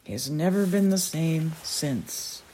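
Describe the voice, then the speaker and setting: A woman reading a novel aloud as a storyteller, slowly and gently, giving each character a voice. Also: low voice, breathy edge.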